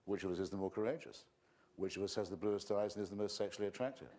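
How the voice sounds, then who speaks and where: A man's voice: on the low side, racing, a little mellow. A man debating religion in an articulate, sardonic and mocking manner. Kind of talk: formal debate.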